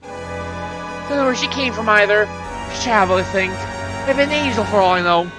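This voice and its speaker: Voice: medium pitch, normal speed, over music, pitched above the performer's own voice, close to an everyday voice. A streamer voicing an older male killer obsessed with black magic, reading game dialogue aloud, bitter and breaking into screaming rage.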